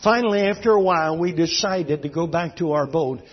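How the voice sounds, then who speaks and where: A man preaching a sermon as a fervent, dramatic storyteller whose voice swings between hushed and loud. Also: a little high, brisk, husky. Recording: dull lo-fi recording.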